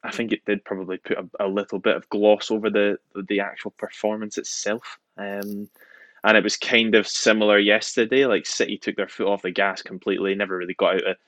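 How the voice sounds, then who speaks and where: A man's voice: fairly low pitch, level tone, brisk, a bit bright, no echo. A man co-hosting a casual football chat, talking with hesitant ums and repeated words. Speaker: podcast co-host.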